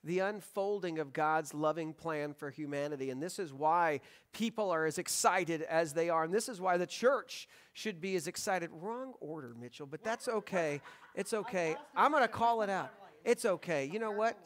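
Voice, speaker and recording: A man in his thirties with a high, light voice leads worship as pastor. He talks to the congregation in a relaxed, joking way. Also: moderate pace. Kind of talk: sermon. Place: church sanctuary.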